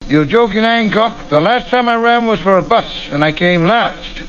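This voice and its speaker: A man's voice: high voice, lively intonation, normal speed, fairly bright tone, lo-fi sound. A man with a Cockney accent voicing a blunt, wry working-class sidekick in an AI-voiced comedy sketch. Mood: mocking.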